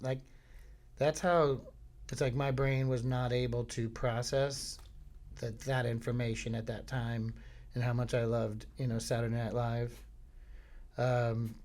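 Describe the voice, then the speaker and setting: A man from Florida hosting a podcast, telling meandering comic stories in a deadpan, filler-heavy way. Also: medium pitch. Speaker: podcast host. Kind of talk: rambling comic monologue.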